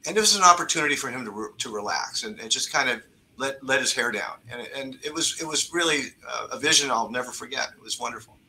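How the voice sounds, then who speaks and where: Bright-voiced man telling an anecdote. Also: medium pitch, fast talker, a little hiss or hum, rough recording. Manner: relaxed, filler-heavy storytelling. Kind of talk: casual anecdote.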